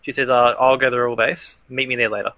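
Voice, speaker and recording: A man's voice: mid-range voice, fairly even intonation, fast talker, sharp tone. A man narrating as game master of a tabletop role-playing game, hesitant and full of fillers and restarts.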